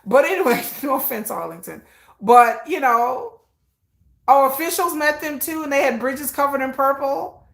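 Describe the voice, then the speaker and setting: A woman from Texas hosting a casual livestream, animated and talking straight to her chat viewers. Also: high voice, moderate pace, gravelly, echoey room. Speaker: livestream host.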